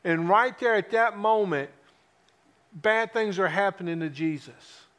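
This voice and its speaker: A man preaching a sermon, asking rhetorical questions and swinging from loud emphasis to hushed, quiet lines. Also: high-pitched, unhurried.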